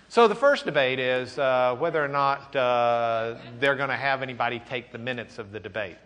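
A man teaching an animated classroom lecture in a conversational, lively way, acting out quotes. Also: medium pitch, normal speed, hardly any pauses.

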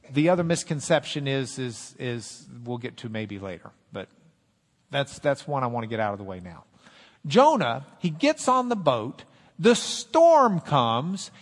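A man preaching a sermon, animated, quoting scripture in dramatic voices. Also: fairly high pitch. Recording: long hall reverb.

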